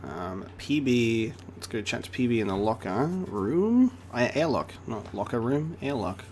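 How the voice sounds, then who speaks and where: A man's voice: medium pitch, big pitch swings, measured pace, a little mellow, a little hiss or hum. A man giving casual let's-play commentary, reading game text aloud as he plays. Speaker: gaming streamer.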